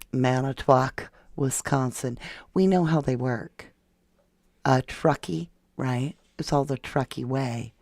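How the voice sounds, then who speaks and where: True crime livestream host, chatty, sarcastic, reads viewer comments, middling pitch, dry close mic. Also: no room sound. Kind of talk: casual live-chat commentary.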